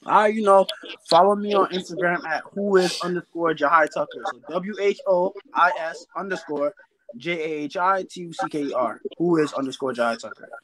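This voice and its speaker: A young New York boxer, guesting in a casual interview, rambles relaxedly about his fights with fillers like "you feel me." His voice is a little high at normal speed, and the recording is rough.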